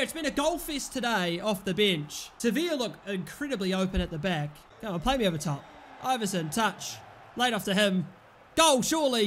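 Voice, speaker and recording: High, excitable young man. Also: a little hiss or hum. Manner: excitable, frustrated outbursts and shouting at players. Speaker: gaming commentator. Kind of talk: live gameplay commentary.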